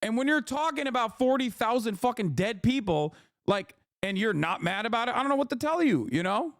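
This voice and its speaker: A man's voice: extremely high pitch, animated, a little fast, no room sound, studio quality. A man commenting live on his stream, heated and profane, rambling through his points as he reacts. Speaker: livestream commentator. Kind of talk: casual political commentary.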